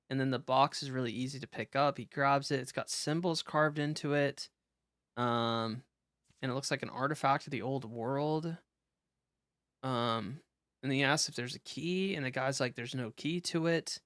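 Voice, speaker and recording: A man's voice: mid-range voice, steady tone, measured pace, pauses often, a bit bright, clear, resonant tone, dry recording. Young guy, live streamer; loose, filler-heavy chat, middle voice, dry close mic. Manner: casual, rambling, frequent fillers and restarts. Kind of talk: live game stream commentary.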